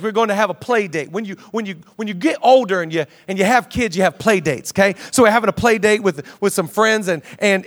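Male pastor, 30s, higher voice, casual sermon with quick jokey asides. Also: fairly bright tone. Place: large church auditorium.

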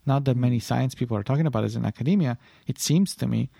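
A man who teaches philosophy chats casually on a podcast over a video call, rambling and thinking aloud in a deep morning voice. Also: fast talker, gravelly, dark tone, husky, dry recording, clean studio sound.

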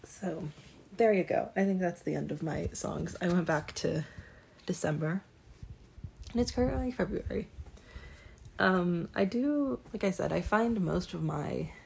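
Young female vlogger, gravelly low-ish voice, loose self-deprecating ramble. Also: expressive, unhurried, a little mellow, a little hiss or hum. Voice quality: raspy, creaky. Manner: rambling, self-deprecating, many ums and restarts. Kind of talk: casual monologue.

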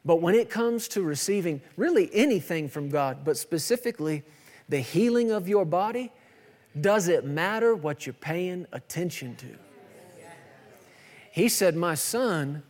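Emphatic preacher man in a reverberant hall. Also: high voice. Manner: emphatic, repeats phrases, playful asides. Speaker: pastor. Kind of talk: sermon.

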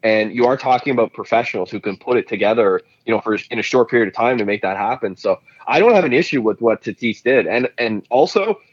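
A man co-hosting a casual sports podcast, rambling in a relaxed, jokey way. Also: medium pitch, fast talker, few pauses, breathy edge, no room sound, muffled recording. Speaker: podcast co-host.

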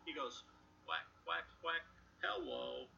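An actor playing a prankster man in a sitcom, talking in a gravelly, jokey way. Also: medium pitch, expressive, slow, exaggerated voice. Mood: joking. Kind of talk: sitcom acting. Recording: distant, lo-fi TV audio with background noise.

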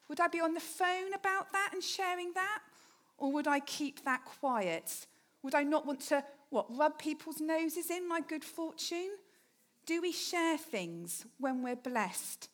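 A woman's voice: extremely high pitch, a little slow, fairly bright tone. A woman giving a chatty, humorous sermon, often putting questions to the congregation. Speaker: preacher.

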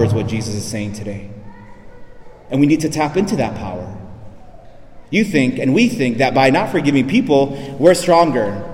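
A male priest delivering an emphatic sermon, dropping his voice low and soft on key lines. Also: expressive, normal speed, pauses often, a little hiss or hum. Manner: emphatic preaching, drops low and soft for weight. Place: church. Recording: echoey church reverb.

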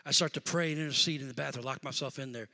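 A male pastor preaching a sermon, telling a story and swinging from quiet talk to shouting. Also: mid-range voice, very fast, creaky.

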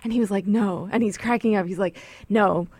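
A woman co-hosting a casual podcast chat, telling a story with lively voice-acting of the people in it. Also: medium pitch, racing, breathy edge, no room sound, studio quality. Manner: animated storytelling, mimics voices. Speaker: podcast co-host.

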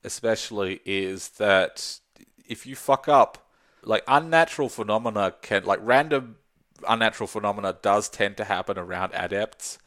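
A lowish, fairly bright male voice at a moderate pace belongs to a tabletop game podcast co-host. He rambles on about the game in easygoing chat, laughing often and swearing without restraint.

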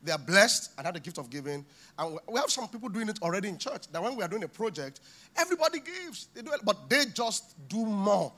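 A man preaching a sermon in a church with a high, bright voice. He is animated, slipping into little acted-out scenes and voices as he talks. The tone stays lively throughout. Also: brisk. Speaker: pastor.

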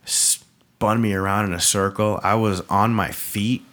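A man's voice: on the low side, steady tone, unhurried, a bit bright. A man in his thirties hosting a podcast, rambling through swear-laced stories in casual chat over drinks. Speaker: podcast host.

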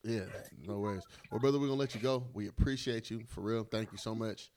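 A man's voice: on the low side, fast, a crowd in the background. A man hosting a podcast, talking in a loose, upbeat way with profane banter. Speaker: podcast host. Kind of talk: casual podcast chat.

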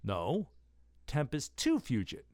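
A man's voice: mid-range voice, huge pitch swings, slow pace, a little mellow, no echo, clean studio sound, full character voice. A man voicing a cautious grown male hero in a spooky serial story, speaking in a careful, tense way. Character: cautious adult male hero Doctor Electro.

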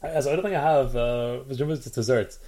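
Joking young man, quick asides. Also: mid-range voice, dark tone. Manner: quick jokey asides, frequent laughter. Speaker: podcast co-host. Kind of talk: casual chat.

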